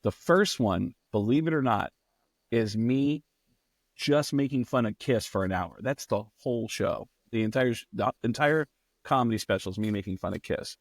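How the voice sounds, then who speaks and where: A man, a comedian guest, telling stories in a lively way and swearing freely. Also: mid-range voice, normal speed, no room sound. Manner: acts out quotes in raised voices, swears freely. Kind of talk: animated storytelling.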